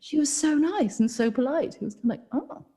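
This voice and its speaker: A woman co-hosting a podcast, telling animated stories in casual chat and laughing often. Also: sits high, brisk. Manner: animated storytelling, laughs often, acts out quoted voices. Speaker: podcast co-host.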